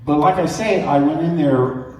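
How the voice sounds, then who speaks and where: A man speaking as a guest on a convention panel, telling stories in an animated way, acting out voices and laughing often. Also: a little high, moderate pace. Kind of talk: anecdotal storytelling to an audience. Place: large convention hall. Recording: echoey hall from far off.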